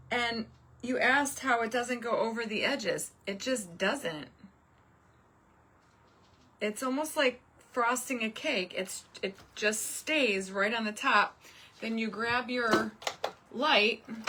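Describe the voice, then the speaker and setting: A woman hosts a crafting livestream in a fairly high voice, muttering and chatting with viewers as she works. She sounds exasperated and talks to herself a lot. A faint hiss sits under the recording. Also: pushed and bright. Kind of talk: casual crafting livestream chat.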